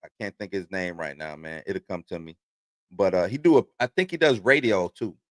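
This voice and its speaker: A man's voice: deep voice, fairly quick, no echo. Rambling male livestream host, dry sound. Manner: rambling, conversational, reads news aloud then riffs. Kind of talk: casual commentary livestream.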